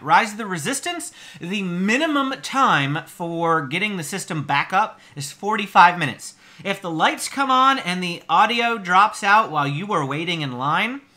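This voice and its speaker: Male vlog host, bright forceful tone, chatty, exasperated commentary on reviews. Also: high voice. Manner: exasperated, explaining at length; chatty with frequent fillers. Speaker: host of a theme park channel. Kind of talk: casual review reaction commentary.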